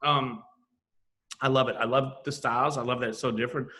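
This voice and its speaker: Animated middle-aged man telling stories. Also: mid-range voice, brisk. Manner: animated, acts out quoted exchanges, swears casually. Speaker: guest, graffiti artist. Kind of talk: casual podcast chat, storytelling.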